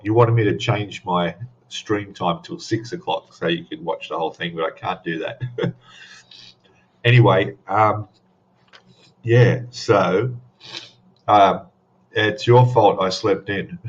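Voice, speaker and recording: A man chats on his own live stream in a slow, low voice that is still rough from sleep. He rambles, laughs often and greets viewers one by one, and the stream audio sounds dull and lo-fi. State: just woken up, voice still rough. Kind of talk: casual live-stream chat.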